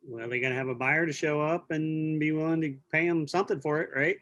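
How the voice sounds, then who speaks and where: A man hosting a real estate training talk, adding brisk explanatory remarks. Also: on the high side, fairly even intonation, fairly bright tone, highs cut off. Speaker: host. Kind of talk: interview commentary.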